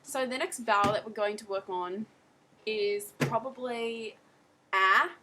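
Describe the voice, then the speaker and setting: A woman's voice: fairly high pitch, steady tone, measured pace, noisy background. A teenage girl giving a casual home video tutorial, chatty and rambling with lots of fillers. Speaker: accent tutorial host.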